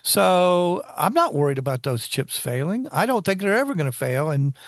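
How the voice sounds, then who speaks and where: A man's voice: high voice, big pitch swings, moderate pace, no echo. Man with a dry close voice. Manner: rambling, restarts sentences, engineering talk. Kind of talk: casual technical chat.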